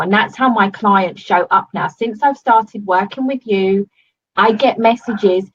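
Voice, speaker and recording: A woman's voice: a little high, normal speed, lo-fi sound. A woman giving a casual testimonial to her coach, gushing and swearing often, with many fillers. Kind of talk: casual video-call testimonial.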